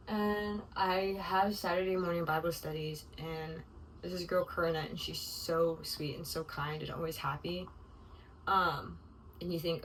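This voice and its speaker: A young woman with a fairly low voice talks through a casual confessional vlog, her sentences rambling and heavy with "like." She sounds openly emotional. The mic sits a little away from her, with faint room ambience underneath. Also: steady tone, normal speed, distant mic, slight background noise, poor audio. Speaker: vlogger. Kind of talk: casual confessional video diary.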